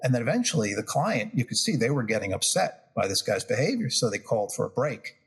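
A man's voice: medium pitch, fast talker. A man in his fifties from New York, with a New York accent, telling negotiation stories as an interview guest and acting out the quotes. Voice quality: husky, gravelly. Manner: animated storyteller, acts out quotes. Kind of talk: storytelling interview.

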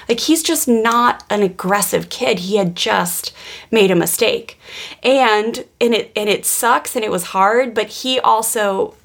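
A woman in her thirties co-hosting a parenting podcast, telling family stories earnestly with lively quoted voices. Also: medium pitch. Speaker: podcast co-host, parenting coach. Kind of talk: casual podcast conversation.

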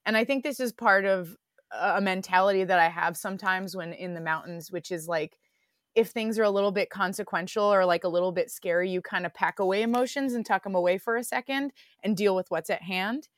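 An earnest woman speaking as an interview guest, reflective and unhurried in her telling. Her pitch sits in a middle range. The recording is dry and close. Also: no room sound. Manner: reflective, many fillers, earnest. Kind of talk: interview storytelling.

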